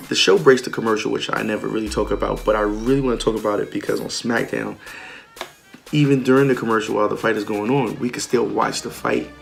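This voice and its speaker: Man, podcast host, casual recap, lowish voice, gravelly, faint music behind. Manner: chatty, many ums, retells lines in quoted voices. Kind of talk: casual wrestling show recap.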